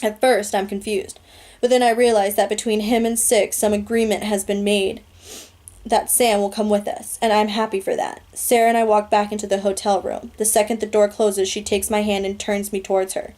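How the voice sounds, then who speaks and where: A woman reading a novel aloud in a steady, earnest storytelling manner. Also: mid-range voice, moderate pace. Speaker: audiobook reader.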